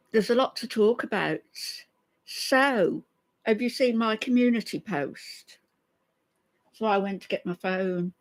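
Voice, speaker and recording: A middle-aged woman hosting a casual live stream, chatty and greeting her viewers one by one by name. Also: mid-range voice. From from an Irish family. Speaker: commentary channel host.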